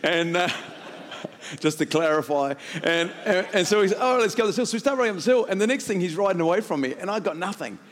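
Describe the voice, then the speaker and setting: A middle-aged male pastor, telling a story in a sermon, laughing often and building to shouts. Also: high voice, lively intonation, a little fast, long reverb tail.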